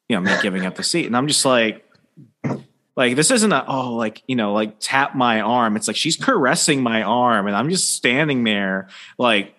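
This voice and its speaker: A man's voice: mid-range voice, normal speed, fairly bright tone. A young man in casual podcast chat, joking crudely and rambling through long anecdotes.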